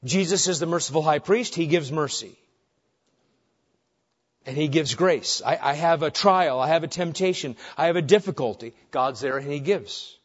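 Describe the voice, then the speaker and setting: A man's voice: on the high side, normal speed. A man preaching a sermon as pastor, earnest and driving his point home with short repeated phrases. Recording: dull lo-fi recording.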